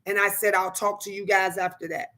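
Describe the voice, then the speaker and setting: A woman's voice: mid-range voice, little pitch movement, fairly quick, bright, forceful tone. A woman chatting casually on a livestream, greeting viewers and talking emphatically in plain, colloquial speech, repeating phrases to drive her points home. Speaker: livestreamer and mother.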